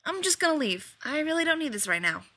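A woman's voice: high voice, very animated, fast talker, sharp tone, no room sound, pitched above the performer's own voice, exaggerated voice. A woman reading the part of a sarcastic, self-important, fretful man elf in a storybook tale. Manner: exasperated, sarcastic.

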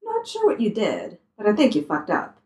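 Woman reading as a blunt, nosy coworker in a storybook; lively pitch, roomy echo. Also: normal speed, close to an everyday voice. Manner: blunt, teasing.

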